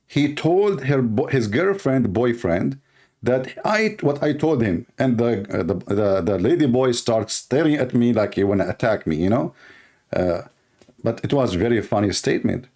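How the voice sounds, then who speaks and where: A man's voice: medium pitch, darkish tone. Mocking man ranting in loose English. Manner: mocking, sarcastic, insulting; loose, non-native English grammar. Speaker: religious critic answering a video. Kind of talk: ranting video commentary.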